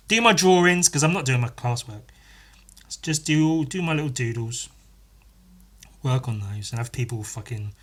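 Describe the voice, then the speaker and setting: A young man hosts a podcast in an unscripted storytelling monologue. His voice sits at a middle pitch with a bright, forward edge. He talks in a sardonic way, swears freely and often laughs. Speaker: podcast host.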